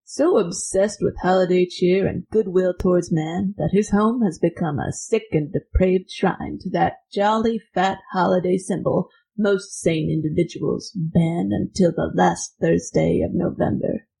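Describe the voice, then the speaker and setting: A woman putting on the voice of a smoky male TV horror host, narrating in a mock-solemn, deliberate way. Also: lowish voice, steady tone, creaky, mellow, breathy edge, heavily acted, rough recording. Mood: mock-ominous.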